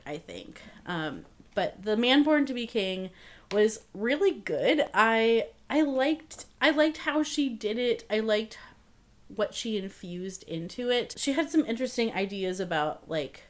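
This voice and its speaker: A woman's voice: on the high side, animated, takes it slowly. A young adult woman chatting casually about books at home, with many fillers and small laughs. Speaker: book vlogger. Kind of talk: casual book review chat.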